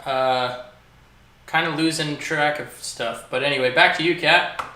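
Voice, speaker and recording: A man's voice: a little high, a little slow, pushed and bright, roomy sound, slight background noise. An American man co-hosting a casual live stream, laid-back, rambling and jokey. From United States. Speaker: co-host.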